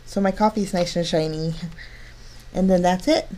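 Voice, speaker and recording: A woman's voice: lowish voice, moderate pace, warm tone. A cheerful, chatty woman talking through each step of a card-making craft tutorial. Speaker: crafting channel host.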